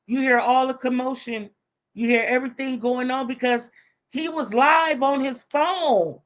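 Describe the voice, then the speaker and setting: A woman's voice: high voice, a little slow. A woman live streamer telling a story in casual, profane talk, acting out the voices of the people she quotes.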